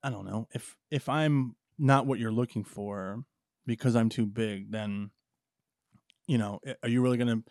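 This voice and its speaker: A man's voice: mid-range voice, moderate pace, darkish tone, no echo, clean studio sound. Hesitant man hosting a podcast. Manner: hesitant, full of fillers and restarts. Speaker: podcast host. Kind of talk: casual interview.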